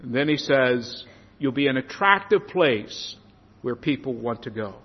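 A man preaching a sermon as a pastor, with lively rises and falls, who slows down when he reads scripture. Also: mid-range voice. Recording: dull reverberant hall sound.

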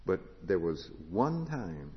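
A man preaching a sermon, asking the congregation questions and moving between loud proclamation and hushed, quiet passages. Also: deep voice, big pitch swings, slow. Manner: rises to loud proclamation, drops to hushed tones. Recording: lo-fi recording with long hall reverb.

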